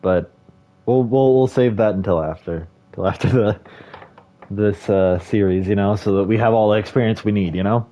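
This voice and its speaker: A man's voice: fairly low pitch, normal speed, lo-fi sound. A man doing casual let's-play commentary, rambling and joking with plenty of profanity. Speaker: streamer.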